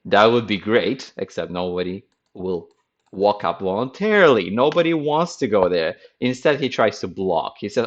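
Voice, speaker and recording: A man's voice: lowish voice, lively intonation, normal speed, muffled recording. Playful male chess teacher. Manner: playful, dramatic storytelling. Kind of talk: chess game commentary.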